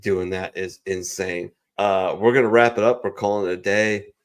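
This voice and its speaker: A man's voice: low voice, fairly even intonation, moderate pace, clear, resonant tone. A male host of a veterans' talk show wrapping up in a casual chat, rambling with fillers and restarts. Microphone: online call microphone.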